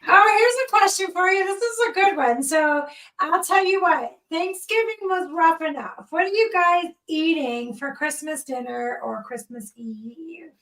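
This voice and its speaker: A woman's voice: very high-pitched, measured pace, fairly bright tone, low-quality recording. A woman hosting a live stream, reading viewer questions in a bubbly, teasing way. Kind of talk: casual live-stream chat.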